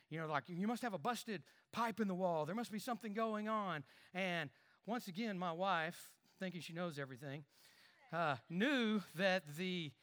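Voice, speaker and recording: High bright guy preaching, swings way up and down, repeats himself a lot. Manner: animated preaching, repeats words, quiet asides then loud emphasis. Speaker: pastor. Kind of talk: sermon.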